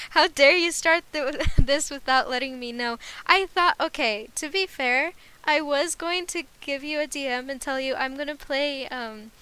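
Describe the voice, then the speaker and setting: A woman's voice: high voice, a little slow, pushed and bright, poor audio. A woman streamer chatting casually and giggling while she plays a video game. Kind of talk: casual game livestream chat.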